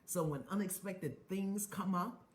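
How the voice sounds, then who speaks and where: A woman's voice: mid-range voice, a little slow, echoey room. A middle-aged woman from the United States leading viewers through spoken affirmations on a live stream, chanting lines and urging them on between comments. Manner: chanting affirmations, call-and-response exhortations; greets viewers by place, reads comments aloud. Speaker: spiritual teacher hosting a live stream.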